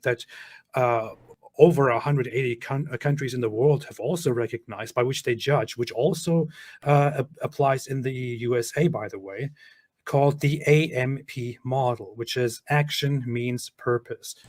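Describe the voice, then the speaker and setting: A man's voice: mid-range voice, moderate pace, darkish tone, dry recording. A man with a German accent giving explanatory commentary, laying out his points methodically, step by step. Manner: methodical, breaks things down step by step. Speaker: video commentator.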